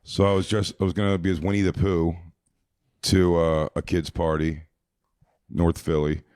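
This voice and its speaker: A man's voice: low voice, level tone, moderate pace, a little mellow, clean tone, dry recording, studio quality. A man guesting on a podcast, telling crude, rambling anecdotes in casual chat with lots of restarts. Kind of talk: casual storytelling.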